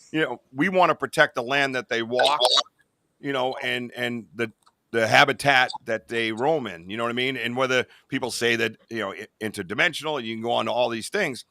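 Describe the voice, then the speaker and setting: A man's voice: mid-range voice, gravelly, pushed and bright, no echo, clean studio sound. A man hosting a podcast in casual chat, rambling with lots of "you know what I mean.". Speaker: podcast host.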